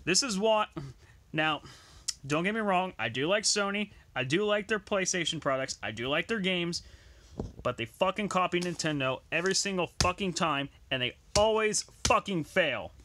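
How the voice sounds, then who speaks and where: A man's voice: sits high, animated, moderate pace, sharp tone, slight background noise. A young man ranting angrily about a list of video games, swearing constantly. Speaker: gaming vlogger.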